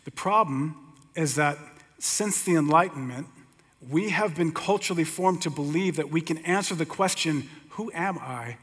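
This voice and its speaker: A middle-aged man teaching a sermon, telling stories in a relaxed, conversational way with humor. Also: a little high, normal speed, husky. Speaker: pastor teaching. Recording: long hall reverb.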